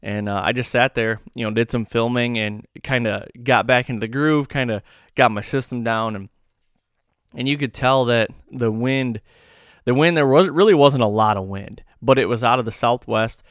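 A man's voice: medium pitch, moderate pace, dry recording, studio quality. A man hosting a podcast, telling a long story casually in a rambling, self-correcting, folksy way. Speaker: podcast host.

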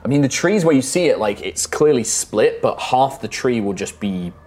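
A man narrating as game master of a tabletop game, relaxed and a little hesitant, with frequent fillers. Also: medium pitch, moderate pace.

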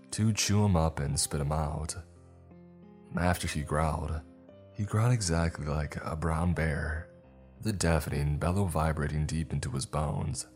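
A man with an extremely deep, low voice narrates a horror story. He tells it slowly and with measured care, and faint music plays softly underneath.

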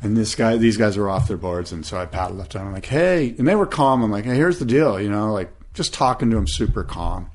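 A man's voice: lowish voice, quick pace, few pauses. A man co-hosting a podcast, chatting casually and telling rambling stories, acting out the people he quotes. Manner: rambling storyteller, animated quoting. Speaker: podcast co-host. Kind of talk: casual chat.

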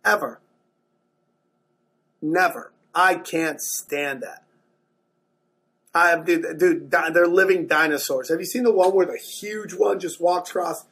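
A man doing stand-up comedy, telling a wild story with lots of swearing, jumping into excited outbursts. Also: slow, creaky, long pauses, husky. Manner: animated, swearing, jumps into excited high outbursts.

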